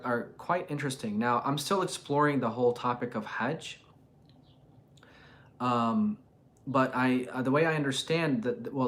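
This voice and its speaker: Male host from Jordan and Palestine, casual explainer, halting and full of fillers. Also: medium pitch, fairly bright tone. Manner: hesitant, thinks aloud with many fillers and restarts. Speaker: religious channel host. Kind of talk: casual live chat and Quran commentary.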